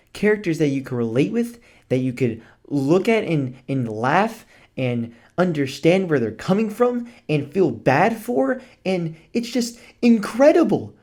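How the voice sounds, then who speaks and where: In a casual chat, a young man with a mid-range voice reviews a movie, gushing with excitement. He swears freely and laughs often.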